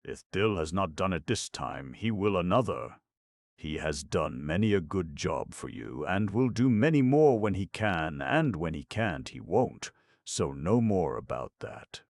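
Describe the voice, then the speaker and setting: A man's voice: deep voice, sing-song, a little slow, voice pushed up, full character voice. A man voicing a bitter, sullen young woman who has been drinking, in an audiobook. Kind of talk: audiobook character voice.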